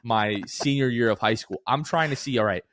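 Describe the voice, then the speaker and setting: With a mid-range voice and a slightly fast pace, a late-twenties man co-hosting a laid-back podcast tells stories, over slight background noise. He animatedly performs other people's quotes as he goes.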